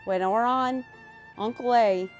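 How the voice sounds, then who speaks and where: A woman from South Louisiana with a Louisiana accent, chatting casually and rambling on a livestream, excitable and quick to swear. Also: fairly high pitch, soft background music. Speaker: live streamer.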